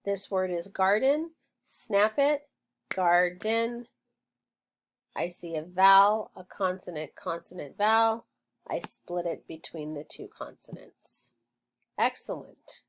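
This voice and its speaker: A woman teaching a phonics lesson, clearly sounding out words and splitting them into syllables. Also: medium pitch, lively intonation, slow pace. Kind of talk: slow, deliberate phonics lesson.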